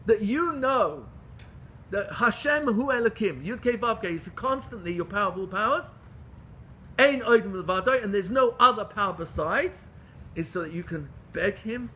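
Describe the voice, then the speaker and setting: A man teaching a Torah class with a high, bright voice and a faint hum behind him. He talks fervently and questions his listeners. He moves between loud pleas and hushed, intimate asides. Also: animated, normal speed. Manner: questions the audience. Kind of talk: Torah lecture to a live group.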